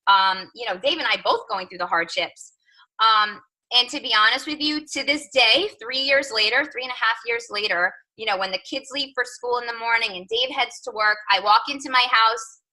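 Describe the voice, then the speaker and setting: A woman's voice: on the high side, normal speed, bright, forceful tone, low-quality recording. A woman in her thirties, a coach telling a personal story on a team call, chatty, with lots of "like" and "right?". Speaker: fitness coach.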